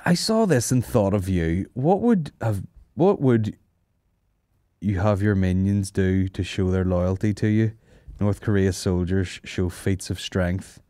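Deep, warm, clear and resonant, this man's voice moves at a measured pace on a close mic with no room sound. Hosting a comedy podcast, he banters casually, rambles, curses liberally and cracks himself up.

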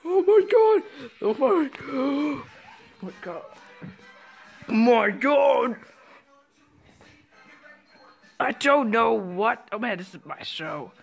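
A performer voicing an excitable pet dog in a home-made toy movie, gasping and shouting exclamations. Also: mid-range voice, husky, heavily acted. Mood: overjoyed shouting.

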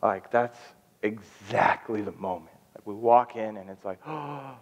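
A young man preaching as a guest, telling a personal story with emotion and animated outbursts. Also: lowish voice, unhurried. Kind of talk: storytelling sermon. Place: church sanctuary. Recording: dull lo-fi sound with long hall reverb.

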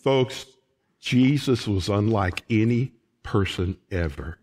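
Man, pastor, sermon, emphatic, lively pitch, unhurried. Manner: folksy, emphatic preaching with rising outbursts. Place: church sanctuary.

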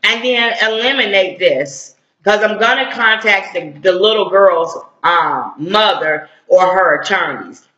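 A middle-aged woman speaking as a civil rights activist, blunt and confrontational, with slangy street talk. Her voice is forceful and sharp. It rings in an echoey room on a dull, lo-fi recording. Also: medium pitch, animated, unhurried, hardly any pauses. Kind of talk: impassioned video commentary.

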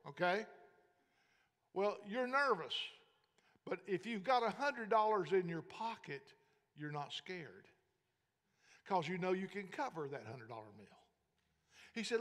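A man with a notably high voice preaches in a church sanctuary, weaving anecdotes between scripture readings. His words ring out with a long hall reverb behind them. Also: expressive, measured pace, pauses often, a bit bright. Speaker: pastor. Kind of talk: sermon.

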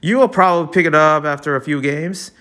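A man reading a webcomic aloud, breaking in with excitable, laughing asides. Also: on the high side, brisk. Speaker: reader of a webcomic.

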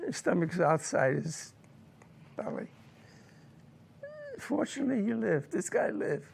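An older man, a war veteran, telling an interviewer his story in a halting, emotional way. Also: sits high, creaky. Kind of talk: interview recollection.

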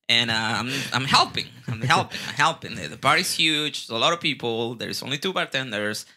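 A man with a Mexican Spanish accent tells stories in a loose, casual way, often restarting his sentences. His voice is very bright and forceful, and he sits at a middling pitch for a man. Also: normal speed. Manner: animated, restarts and repeats words, swears casually. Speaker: guest bartender. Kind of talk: casual storytelling.

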